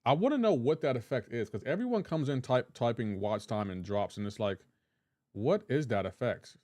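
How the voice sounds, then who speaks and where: Man streaming a game, casual chat, joking, reads chat aloud, dry close mic, mid-pitched voice. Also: expressive, moderate pace, a little mellow, no echo. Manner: chatty and joking, reads out chat names and comments; playful teasing about pronunciation.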